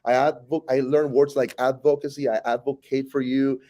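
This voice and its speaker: A man's voice: medium pitch, normal speed. A man in his forties from Costa Rica with a Costa Rican Spanish accent, a native Spanish speaker and teacher, talking in a casual interview, joking and often restarting his sentences. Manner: animated, joking, frequent restarts.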